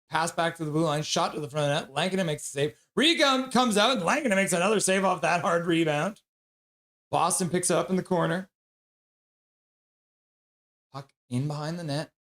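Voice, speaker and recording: Excitable man streaming hockey. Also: a little high, moderate pace, pauses often. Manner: reads chat messages aloud with excited shouts. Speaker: streamer doing live hockey play-by-play and chat. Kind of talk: casual live-stream commentary.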